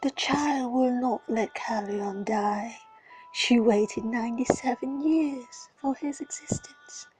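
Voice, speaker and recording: A woman reading a fantasy story aloud in a breathy, dramatic whisper. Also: fairly high pitch, slow pace, music in the background, low-quality recording. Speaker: reader.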